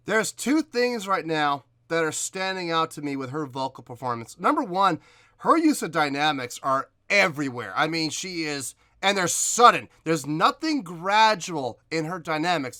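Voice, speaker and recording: A man's voice: high-pitched, pushed and bright, no echo, studio quality. A man hosting a music reaction video, explaining vocal technique in analytical commentary and sometimes scatting rhythms to show his point.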